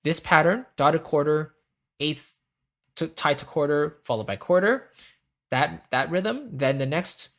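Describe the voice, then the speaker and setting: A man teaching a music theory lesson in a relaxed, casual way, pausing to hum melody lines on "da". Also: on the high side. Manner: explains calmly, hums melodies on "da".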